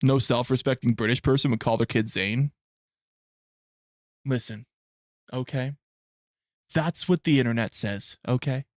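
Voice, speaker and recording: A man's voice: mid-range voice, unhurried, pauses often, darkish tone, dry recording, clean studio sound. A young adult man chatting casually on a live stream, rambling and swearing, often breaking into laughter. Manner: rambling, profane, laughs a lot.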